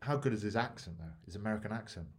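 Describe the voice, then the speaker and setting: A man's voice: fairly low pitch, expressive, rapid-fire, a crowd in the background. A man co-hosting a casual chat, telling self-deprecating stories with dry humour. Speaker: podcast co-host.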